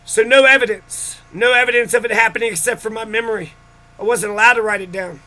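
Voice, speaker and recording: A man's voice: sits high, fairly even intonation, fast, pushed and bright. A man in a bitter, profane personal rant about his childhood, speaking straight to the camera. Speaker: vlogger.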